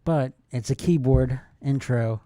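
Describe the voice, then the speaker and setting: A man in his forties co-hosting a podcast, relaxed and anecdotal in casual chat. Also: medium pitch, unhurried, no echo, studio quality. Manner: relaxed, anecdotal, hums tunes aloud. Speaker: podcast co-host.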